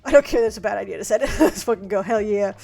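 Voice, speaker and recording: A woman's voice: medium pitch, quick pace, creaky, a little mellow. A young woman streaming, casually reading her old letters aloud and mocking her past self, swearing freely. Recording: faint music behind.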